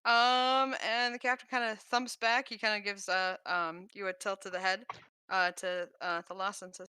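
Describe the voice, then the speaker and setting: Woman dm narrating a tabletop game, bright voice, dry close mic, lots of uhs. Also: medium pitch, little pitch movement, normal speed, clean tone, no echo. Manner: hesitant, many fillers and restarts. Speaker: dungeon master.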